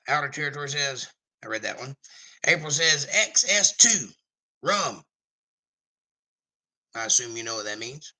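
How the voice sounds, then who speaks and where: A man's voice: mid-range voice, a little fast, pushed and bright, poor audio. A man hosting a casual live stream, reading chat comments aloud in a jokey, rambling way.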